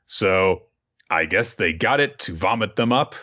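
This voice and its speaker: A man's voice: sits low, animated, a little slow, pushed and bright. A man co-hosting a podcast, recapping a story in casual chat and acting out the characters' lines along the way. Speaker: podcast co-host recapping a manga. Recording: dull lo-fi recording.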